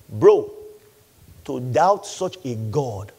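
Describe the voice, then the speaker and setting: A man's voice: medium pitch, very animated, drawn-out words, long pauses, darkish tone, husky. A man preaching a sermon. He talks emphatically, repeats key lines and acts out voices from the congregation. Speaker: pastor.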